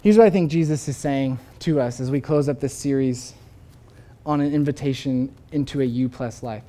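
A man's voice: mid-range voice, moderate pace, dark tone. A man preaching a sermon as a pastor, telling a story earnestly before closing with a prayer.

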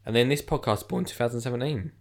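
A man's voice: medium pitch, steady tone, fast talker. A man hosting a podcast in rambling, jokey casual chat. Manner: rambling, jokey, lots of fillers. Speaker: podcast host.

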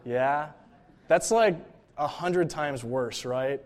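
A man preaching a sermon in a relaxed, conversational way, often checking in with "right?" and "like.". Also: fairly high pitch, slow. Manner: casual, informal, frequent "like" and "right?" check-ins.

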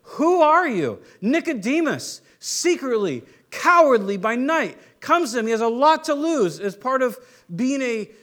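A man's voice: very high-pitched, big pitch swings, a little slow, a bit bright. A man preaching a sermon, teaching conversationally with rhetorical questions and restarts. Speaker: pastor.

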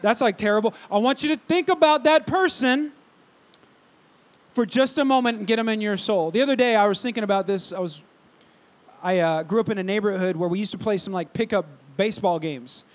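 A man's voice: high voice, fairly quick. A young adult male pastor preaching to his church, telling a self-deprecating story and speaking directly to the congregation. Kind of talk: sermon.

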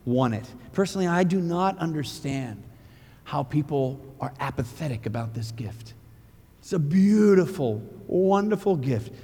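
A man preaching a sermon with passion, firing rhetorical questions and building to near-shouting. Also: a little high, big-room sound.

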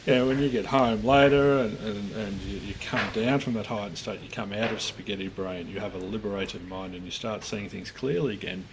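A man co-hosting a podcast in casual chat, animated and swearing, acting out the voices he quotes. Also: on the low side, moderate pace, few pauses, very noisy. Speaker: podcast co-host.

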